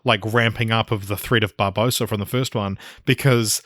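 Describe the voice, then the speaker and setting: A man's voice: fairly low pitch, steady tone, normal speed, a bit bright, no room sound, clean studio sound. A man co-hosting a casual film podcast, talking with rambling enthusiasm and swearing freely. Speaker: podcast co-host.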